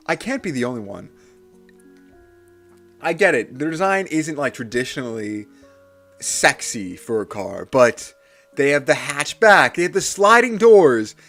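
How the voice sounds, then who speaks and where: Animated young man ranting playfully. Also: a little high, dry recording. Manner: playful mock-villain ranting, lots of restarts. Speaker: livestreamer. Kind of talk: casual live-stream rant.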